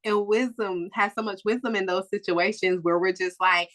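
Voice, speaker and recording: A woman hosting a podcast, chatting casually with lively, laughing stories. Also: medium pitch, normal speed. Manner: lively, laughing, relatable storytelling. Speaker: podcast host. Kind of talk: casual chat.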